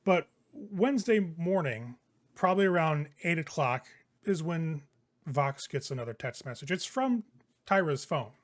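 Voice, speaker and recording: A man narrating as game master, in a casual, vivid, slightly crude way. His voice sits a touch high. He keeps the story moving. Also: lively intonation, a little slow.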